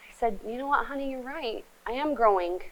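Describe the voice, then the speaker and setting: Middle-aged female life coach, fairly high voice, playful and direct, acts out the quoted lines. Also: fairly quick, low-quality recording. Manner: lively, joking, acts out quoted partners. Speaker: relationship speaker and life coach. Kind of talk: motivational talk.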